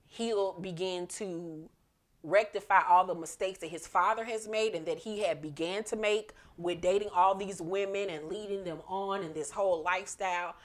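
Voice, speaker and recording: A woman casually recapping a TV episode, chatty and profane, acting out the characters' lines as she goes. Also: fairly low pitch. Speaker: TV episode reviewer.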